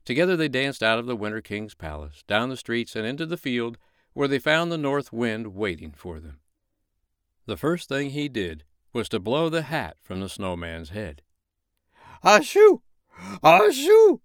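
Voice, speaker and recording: A man reading a bedtime story aloud, with a gentle, lively storytelling manner. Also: mid-range voice, normal speed, clean tone, no room sound, clean studio sound.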